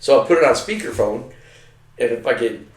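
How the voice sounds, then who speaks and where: Older ex-soldier, rambling and profane storyteller, mid pitch, roomy off-mic sound. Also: male voice, lively intonation, a little fast, distant mic. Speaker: retired soldier telling war stories. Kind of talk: casual storytelling.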